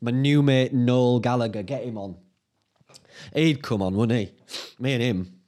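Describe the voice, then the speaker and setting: A man with a Northern English accent, hosting a solo podcast, thinking out loud in a sweary, self-mocking way. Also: medium pitch, unhurried. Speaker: podcast host. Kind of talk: rambling solo podcast chat.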